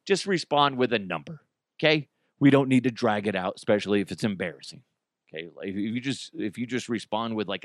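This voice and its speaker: A man's voice: medium pitch, fairly bright tone, no room sound, studio quality. A man hosting a casual solo podcast, joking and self-deprecating, laughing often. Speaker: podcast host.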